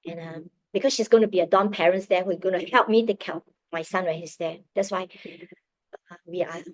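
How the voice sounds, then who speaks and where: A woman's voice: lowish voice, brisk, no echo. Earnest middle-aged woman sharing testimony. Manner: earnest, emotional storytelling, drops to near whispers. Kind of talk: personal faith testimony.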